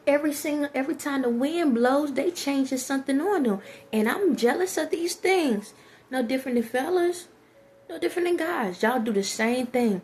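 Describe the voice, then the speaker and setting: A woman's voice: high-pitched, expressive, normal speed, a little hiss or hum. A woman, talking casually to her viewers in a rhetorical monologue and often laughing at her own jokes. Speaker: vlogger.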